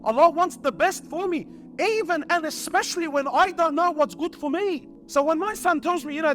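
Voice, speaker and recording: A man's voice: very high voice, brisk, a bit bright. A middle-aged man giving an impassioned sermon to a live audience, firing rhetorical questions and calling listeners brother. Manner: passionate, addresses crowd as brother, rhetorical questions. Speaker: preacher. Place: lecture hall before an audience.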